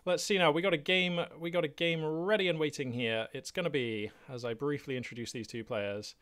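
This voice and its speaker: A man's voice: fairly high pitch, steady tone, fairly quick, a bit bright, clear, resonant tone. Chatty rambling Englishman with lots of fillers. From England. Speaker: gaming channel host. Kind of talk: casual unscripted monologue. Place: small cluttered hobby room at home. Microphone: webcam setup.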